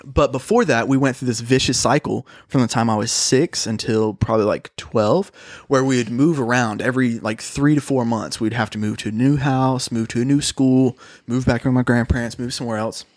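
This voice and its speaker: A man's voice: mid-range voice, steady tone, a little fast, dry recording, studio quality. A young man telling a long personal story in a casual, slangy way, swearing often and calling his listeners "dude".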